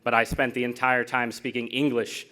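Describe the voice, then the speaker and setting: A man's voice: mid-range voice, flat delivery, moderate pace, bright, forceful tone. An American man giving a public lecture as guest speaker, joking at his own expense and often restarting his sentences. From United States. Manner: self-deprecating, joking, with restarts. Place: lecture hall.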